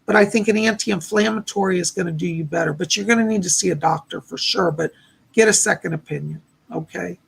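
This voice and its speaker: Hoarse gravelly psychic on a livestream. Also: male voice, high-pitched, brisk. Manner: gentle, reassuring, relays messages with repeated "she said". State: losing his voice, hoarse. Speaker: psychic medium hosting a livestream. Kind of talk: live psychic readings answering chat.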